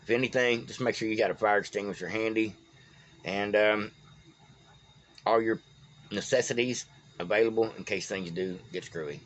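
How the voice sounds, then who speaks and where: A man's voice: lowish voice, moderate pace, long pauses, a bit bright. A man with a Texan accent, talking casually in a rambling, folksy way as a political vlogger. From Texas. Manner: rambling, folksy, stumbles over names. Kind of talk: casual solo commentary. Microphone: phone.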